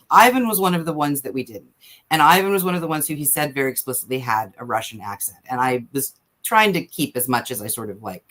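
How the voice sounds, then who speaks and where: A woman writer on a podcast as a guest, talking quickly and thinking out loud in casual conversation with many fillers. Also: low voice.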